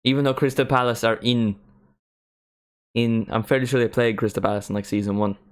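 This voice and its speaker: A man's voice: mid-range voice, steady tone, brisk, clean tone. A young man streaming a football watchalong, chatting casually with lots of "like" fillers. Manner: rambling, many "like" fillers, sings along at times. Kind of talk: casual live commentary and chat.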